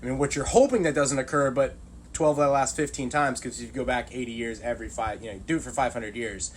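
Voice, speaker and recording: A middle-aged man hosts his own channel and rambles through a casual monologue, leaning on filler words as he goes. His voice sits at an ordinary middle pitch, and a faint hiss of background noise runs under it. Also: fairly even intonation, quick pace, low-quality recording. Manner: rambling, loose and conversational with many fillers. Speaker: channel host.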